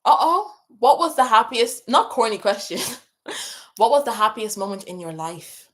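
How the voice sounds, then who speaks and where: A woman's voice: fairly high pitch, very animated, moderate pace, fairly bright tone. Young female livestream host, casual, emotional, rambling chat with her audience. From moved to England from abroad. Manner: chatty, emotional, many fillers and restarts. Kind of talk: casual livestream chat, reading viewer questions.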